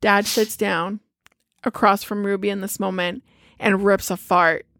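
A woman in casual chat, retelling a movie in a lively way, swearing freely and acting out the characters' lines. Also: mid-range voice, measured pace. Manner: animated storyteller, swears freely, acts out quotes.

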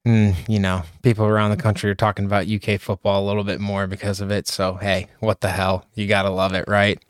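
Dude on a podcast, low voice, dry mic, chatty and easily amused. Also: male voice, monotone, brisk, clear, resonant tone, no room sound. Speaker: podcast co-host. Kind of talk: casual sports podcast chat.

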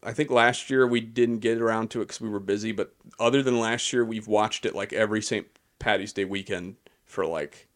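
A man's voice: lowish voice, steady tone, fairly quick, hardly any pauses. A young man co-hosting a podcast, chatting in a rambling, easygoing way with restarts. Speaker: podcast co-host. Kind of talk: casual chat.

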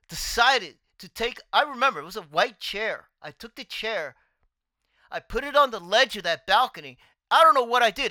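A man spins a personal story on his podcast, his voice swinging widely up and down as he exclaims and chuckles along the way. The tone is bright and clear, recorded close and dry with no room sound. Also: high-pitched, no room sound. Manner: animated, exclaiming, often laughing. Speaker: podcast host and artist.

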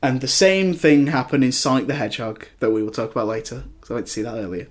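A young man hosting a podcast, chatting casually and telling an animated story with mimicked outbursts. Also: medium pitch, fast talker. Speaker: podcast host. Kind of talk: casual chat.

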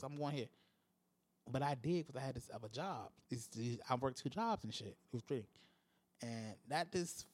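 A man hosting a podcast, venting in a casual, profane solo rant with big swings in tone. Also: no echo. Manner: profane, exasperated venting with lively pitch swings. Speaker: podcast host.

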